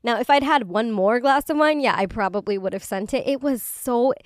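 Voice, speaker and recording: A woman's voice: fairly high pitch, a little fast, dry recording, studio quality. A woman hosting a casual solo podcast, chatty and swearing freely, with lots of "like". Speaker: podcast host.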